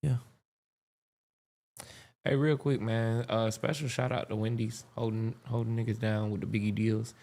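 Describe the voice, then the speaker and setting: A relaxed male podcast host talks casually between comedy clips. His voice sits low with a gravelly edge. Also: normal speed, long pauses. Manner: laid-back, reacting to clips. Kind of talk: casual chat.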